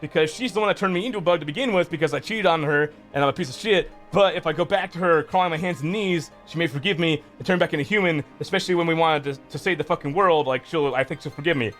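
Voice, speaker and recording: A man's voice: a little high, fast, hardly any pauses, a bit bright, soft background music, natural voice. A man voicing a grumpy cursed old male engineer in a game recap, talking casually and swearing a lot. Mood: grumbling. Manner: casual, profane, rambling.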